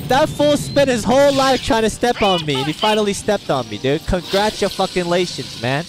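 A man streaming a video game live, shouting excited curses and taunts at the enemies. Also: sits high, fairly quick, rough recording. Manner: loud excited cursing and taunting. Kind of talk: live gameplay commentary. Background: game music.

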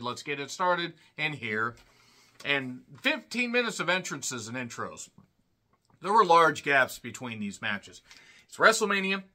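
A man giving a casual solo wrestling review, sarcastic and irreverent, who often clears his throat and breaks into loud bursts. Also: medium pitch.

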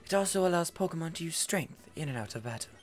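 A gentle young woman gym leader, soft and polite, speaking formally, as a man puts her on. Her voice sits a little higher and quieter than his own. It is heard through a headset mic. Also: expressive, fast, natural voice.

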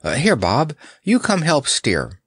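A man's voice: on the high side, wildly swooping pitch, a bit bright, breathy edge, no room sound, pitched above the performer's own voice, heavily acted. A man doing a chuckling circus clown. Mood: brisk. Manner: chuckling, brisk. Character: jolly male circus clown, kind and practical.

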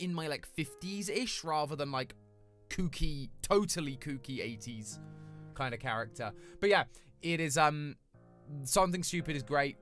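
A man's voice: a little high, fairly bright tone. A young British man chatting casually with his live chat as a streamer, rambling and friendly in a small home room. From Britain.

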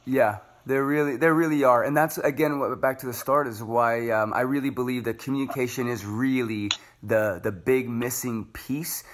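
Animated man hosting an interview. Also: medium pitch, moderate pace, hardly any pauses. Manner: animated, anecdotal storytelling. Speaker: podcast host, former gymnast. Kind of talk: interview conversation.

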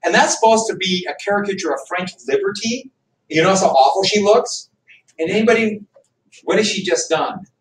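Loud joking male history teacher, echoey. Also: high voice, a little fast. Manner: loud, animated, jokey. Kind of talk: classroom lecture. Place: classroom. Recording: echoey classroom from far off.

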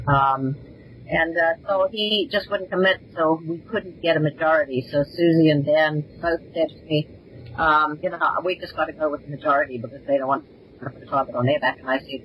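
A woman's voice: sits low, steady tone, fairly bright tone, slight background noise, rough recording. An older woman with a South African accent, a former reality show contestant telling stories as a guest in a casual interview. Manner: chatty, rambling, quick to laugh.

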